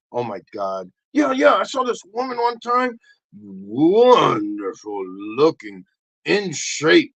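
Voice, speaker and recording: A man hosting a livestream, rambling through a crude comic rant, acting out little voices and bursting into shouts. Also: high-pitched, gravelly, husky, rough recording. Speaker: livestream host.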